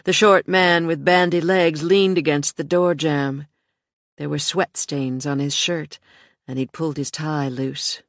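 A narrator reading an audiobook in a steady, measured way. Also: medium pitch, no echo, clean studio sound.

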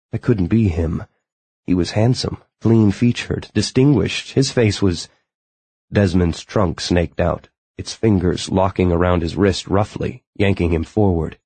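A man narrating a novel in steady, scripted storytelling. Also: deep voice, breathy edge, dry recording. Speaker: audiobook narrator.

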